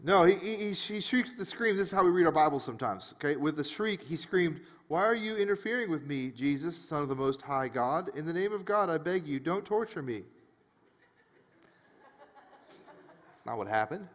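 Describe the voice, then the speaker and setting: Guy preaching a laid-back sermon, kinda high voice, lots of echo like a big church hall. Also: moderate pace. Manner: joking, chatty, animated retelling. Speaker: pastor. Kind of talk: casual conversational sermon.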